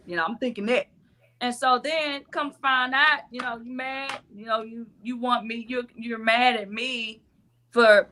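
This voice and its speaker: Woman chatting casually, bright sharp voice, acts out what she said back then. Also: on the high side. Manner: animated, acts out her own quoted lines. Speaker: reality dating show cast member. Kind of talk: casual storytelling chat.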